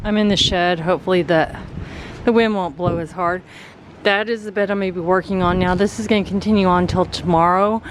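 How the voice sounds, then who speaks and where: A woman's voice: lowish voice, fairly even intonation, fairly quick, music in the background. A woman chatting casually as she vlogs her gardening and yard work, upbeat and talking through each task. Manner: chatty, upbeat, narrating her own chores. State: out of breath after yard work. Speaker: gardening vlogger. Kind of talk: casual vlog narration. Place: backyard garden, outdoors.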